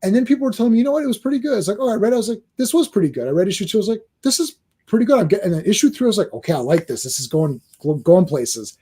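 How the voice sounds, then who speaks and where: A man hosting a casual podcast chat, telling animated stories with stumbling restarts and acting out what his friends said. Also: very high voice, very fast, slightly rough. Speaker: podcast host.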